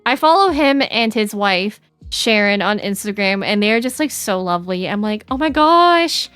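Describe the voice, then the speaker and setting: Giggly young woman streamer, crisp dry voice. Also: mid-range voice, normal speed, a bit bright, no echo, soft background music. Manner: bubbly, giggly, rambling with many "like"s. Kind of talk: casual chat with stream chat.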